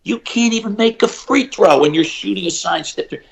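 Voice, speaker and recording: A middle-aged man, a shooting coach, telling stories in an animated interview and acting out the people he quotes. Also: sits high, creaky. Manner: acts out quoted voices, fast bursts and emphatic repeats.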